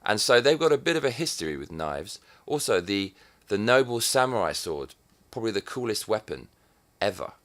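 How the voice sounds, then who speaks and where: Very deep-voiced profane man from England. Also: big pitch swings, moderate pace, hardly any pauses. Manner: profane and sardonic, with swings in loudness. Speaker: vlogger. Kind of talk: casual comic monologue.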